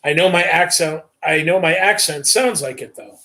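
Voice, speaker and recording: A man reading a story aloud on a livestream, voicing a calm, guarded mentor who talks in a measured, thoughtful way. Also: fairly high pitch.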